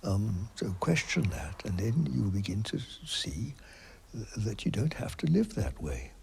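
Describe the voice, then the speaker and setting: A man speaking in a reflective interview, slow and hesitant with many pauses, his phrases trailing off into a breathy near-whisper. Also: fairly low pitch, sing-song, darkish tone, a little hiss or hum. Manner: thoughtful, with many pauses and fillers.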